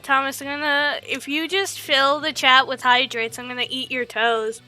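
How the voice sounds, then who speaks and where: A woman streaming a game live, teasing and playful with loud, exaggerated outbursts. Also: high voice, flat delivery, moderate pace, soft background music.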